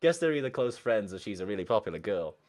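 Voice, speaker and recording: A man's voice: on the low side, sing-song, fast, darkish tone. A young man reading a visual novel aloud and reacting casually, often swearing. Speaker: game streamer. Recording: faint game music underneath.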